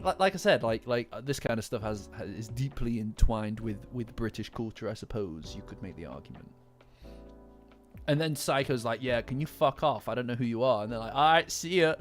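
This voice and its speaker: An anime reaction host, a man with a medium-pitched voice, chats casually about an anime episode over faint background music. He's excitable, laughs often, and keeps repeating and restarting his words.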